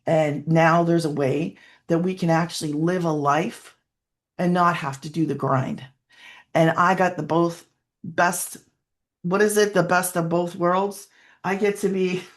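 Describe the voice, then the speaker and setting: A woman, a guest in an interview, telling her personal story in an earnest, emotional way, close to tears at times, with many fillers and restarts. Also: fairly low pitch.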